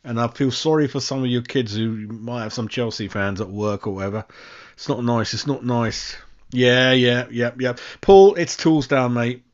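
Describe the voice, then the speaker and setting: A man's voice: mid-range voice, normal speed, highs cut off. A young man with a London accent hosts a live fan stream, swearing and ranting in exasperation, calling his listeners "mate.". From West London. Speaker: fan channel host. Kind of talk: casual live-stream rant.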